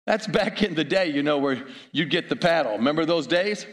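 A man's voice: fairly high pitch, animated, brisk, a bit bright. A middle-aged man preaching a sermon, telling stories with chuckles and asides to the audience.

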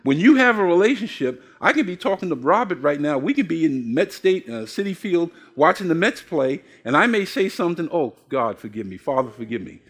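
A man's voice: high voice, sing-song, brisk, few pauses, fairly bright tone. An older man preaching a sermon, asking the congregation questions and telling folksy stories with acted-out voices. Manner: folksy storytelling, acts out quoted voices. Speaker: pastor.

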